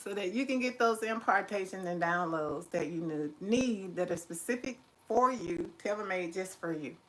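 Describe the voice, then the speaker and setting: An animated woman with a mid-range voice hosts a casual livestream, picked up from a distance with a little background noise. She reads chat comments, laughs easily, and drawls her words, closing with warm spiritual encouragement.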